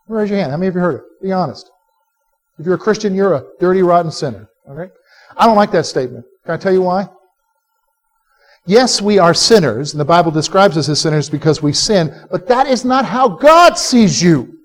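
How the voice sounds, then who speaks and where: A male pastor preaching a sermon to a live congregation, animated and conversational, quizzing listeners to answer back. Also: high-pitched, a little fast. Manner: direct, conversational asides to the listeners. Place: church service before a live congregation.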